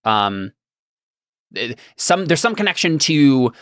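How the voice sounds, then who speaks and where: A man in the middle pitch range narrates a tabletop game as game master. He rambles and hesitates, with many fillers and restarts. His voice sounds dry and close. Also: sing-song, slow, fairly bright tone, dry recording.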